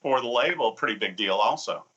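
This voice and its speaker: A man's voice: mid-range voice, animated, fairly quick, fairly bright tone, dull audio. A man hosting a TV music interview, enthusiastic and affirming, with many fillers. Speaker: TV show host. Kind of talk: casual interview talk.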